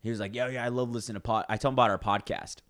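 A man's voice: mid-range voice, steady tone, very fast, a bit bright, dry recording. A man in his twenties co-hosting a podcast, telling rambling stories and acting out the people he quotes, with many restarts. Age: 20s. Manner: rambling storyteller, acts out quoted voices, restarts often. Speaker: podcast co-host. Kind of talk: casual chat.

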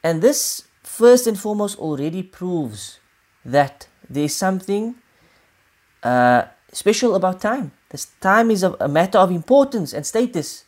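A woman giving a religious lesson, explaining scripture in a measured way and repeating key points for emphasis. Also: fairly low pitch, a little mellow. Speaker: Quran teacher.

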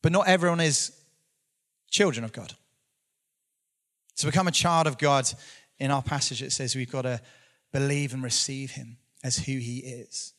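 A man's voice: mid-range voice, moderate pace, pauses often, fairly bright tone. A man, preaching a conversational sermon with earnest storytelling and some self-deprecating humor.

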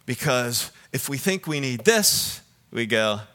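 Male pastor, sermon, lively pitch, bright forceful tone, talks to the crowd with questions. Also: slow pace. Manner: animated preaching, swinging between loud emphasis and soft low asides; asks the audience direct questions.

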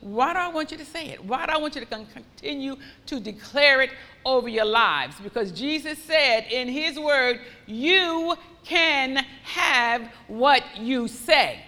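A woman preaching a sermon with fervent, repetitive declarations that rise into loud praise. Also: high-pitched, expressive, a little slow, few pauses, long reverb tail.

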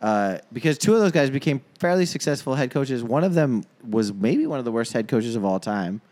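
Lively-voiced man rambling about sports. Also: mid-range voice, brisk. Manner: rambling, trails off mid-sentence. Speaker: podcast co-host. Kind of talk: casual sports chat.

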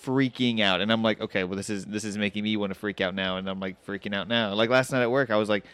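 A man's voice: on the low side, steady tone, quick pace, fairly bright tone, smooth, no echo. Rambling man podcast host. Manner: rambling, filler-heavy, anxious. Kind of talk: casual chat.

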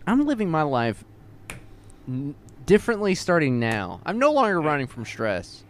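Animated rambling podcast host, man. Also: a little high, moderate pace. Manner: rambling, self-mocking, swears freely. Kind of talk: casual chat.

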